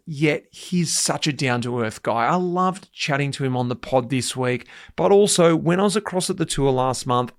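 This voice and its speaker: A man hosting a podcast, chatty and animated as he tells stories. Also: on the high side. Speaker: podcast host, former pro cyclist. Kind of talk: casual podcast interview.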